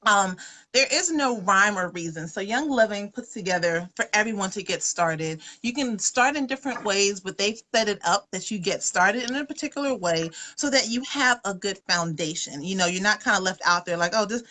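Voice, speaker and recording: A woman's voice: mid-range voice, animated, moderate pace, bright, forceful tone, slight background noise. A woman giving a casual, folksy livestream presentation on her webcam, chatty and full of fillers. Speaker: wellness presenter.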